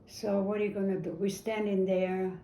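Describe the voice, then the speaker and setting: A woman in her eighties telling a personal memory in a halting way, repeating words and restarting sentences as she goes. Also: medium pitch, little pitch movement, warm tone. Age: 80s. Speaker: interviewee. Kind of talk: personal war memory storytelling. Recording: roomy echo, faint ambient noise.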